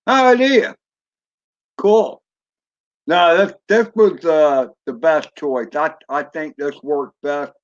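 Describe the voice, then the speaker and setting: Rambling drone streamer guy, unhurried, muffled lo-fi audio. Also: a little high. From Florida. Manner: rambling, chatty, reads chat aloud. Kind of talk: casual live-stream chat.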